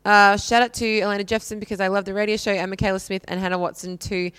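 A woman's voice: medium pitch, level tone, quick pace, fairly bright tone, smooth. Chatty young woman hosting. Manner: chatty and playful. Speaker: camp radio host. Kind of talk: casual radio chat reading shout-outs. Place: small camp radio studio.

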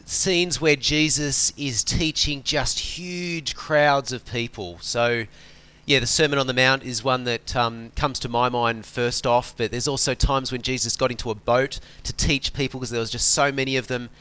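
A male preacher giving a conversational sermon. He talks in a relaxed, chatty way, like someone explaining things to friends. He often stops to ask his listeners rhetorical questions. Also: mid-range voice, normal speed, clear, resonant tone.

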